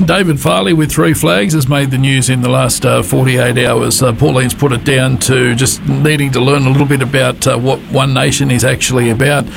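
A man's voice: mid-range voice, steady tone, brisk, creaky, hardly any pauses, background noise. An Australian man hosting a radio interview, asking questions in a casual, conversational way. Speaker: radio host.

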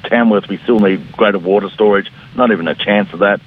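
A middle-aged Australian politician, a guest on a phone-line radio interview, speaks in a lowish, fairly quick voice with a breathy edge. He is blunt and combative, even mimicking his opponents.

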